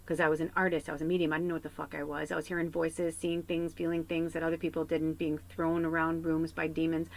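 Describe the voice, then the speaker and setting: Frank, rambling woman with a lowish voice. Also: completely flat delivery, fast talker, gravelly, hardly any pauses, poor audio. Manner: rambling, frank, swears freely. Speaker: psychic medium and astrologer. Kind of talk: casual personal storytelling on a reading video.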